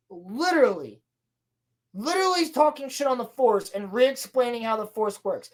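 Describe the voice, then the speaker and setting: Woman podcast host, sarcastic and foul-mouthed, slightly high voice, casual recap. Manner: sarcastic, profane, mocking impressions of characters. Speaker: podcast host reviewing a TV episode.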